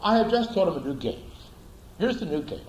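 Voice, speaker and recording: A man giving a storytelling lecture in an animated way, repeating words for emphasis. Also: sits high, a little fast, roomy sound, a little hiss or hum, low-quality recording. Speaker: speaker, lecturer.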